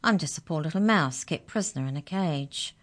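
A sly little storybook mouse that is really the Tooth Fairy, cheerful and quietly smug, as a woman reads it aloud. The voice sits low and teases with knowing calm. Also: brisk. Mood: teasing. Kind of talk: children's storybook reading.

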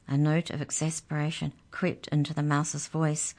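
A woman reading a children's story aloud on the radio and chatting gently with the children. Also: deep voice, monotone, moderate pace, hardly any pauses.

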